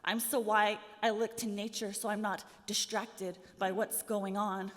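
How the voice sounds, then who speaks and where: A woman's voice: medium pitch, flat delivery, a little slow, fairly bright tone. A woman poet giving a live reading of her work, with a rhythmic, sardonic delivery that builds in intensity. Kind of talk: poetry reading to a live audience. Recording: long hall reverb.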